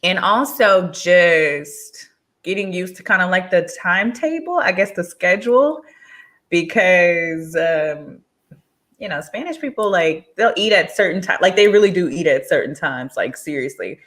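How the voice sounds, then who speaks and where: Woman, lowish voice, relaxed guest chat with frequent laughs. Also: measured pace. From Texas, USA. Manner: chatty, laughs often, animated when quoting others. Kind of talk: casual conversational interview.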